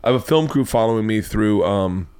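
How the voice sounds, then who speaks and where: A man's voice: on the low side, lively intonation, brisk, a little mellow, clean tone. A man from the United States hosting a podcast, telling a rambling, profane story in casual chat. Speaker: podcast host.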